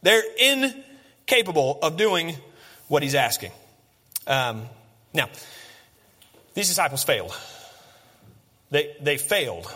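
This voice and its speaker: A man preaching a conversational, animated sermon as a pastor. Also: fairly high pitch, slow pace, long pauses, long reverb tail.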